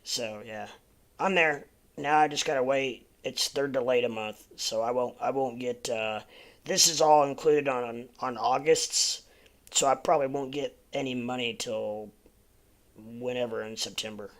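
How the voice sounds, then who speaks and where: A man's voice: medium pitch, measured pace, fairly bright tone. A man hosting a livestream in a loose, laughing casual chat, thanking viewers as he goes. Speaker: livestream host.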